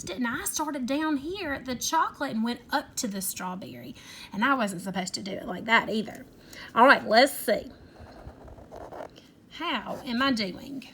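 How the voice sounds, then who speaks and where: A woman teacher leading a young children's phonics lesson, stretching words in an animated, sing-song way. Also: sits high, moderate pace, a little hiss or hum.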